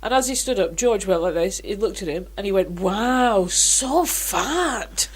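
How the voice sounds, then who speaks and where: A woman, co-hosting a casual chat podcast and telling animated, laughing stories. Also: mid-range voice, fast. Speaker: podcast co-host.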